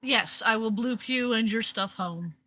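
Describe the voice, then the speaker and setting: A woman's voice: on the high side, unhurried, bright, forceful tone, dry recording, low-quality recording. A woman playing a character in a tabletop game, starting hesitantly with stammers. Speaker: player. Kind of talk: casual tabletop role-play narration.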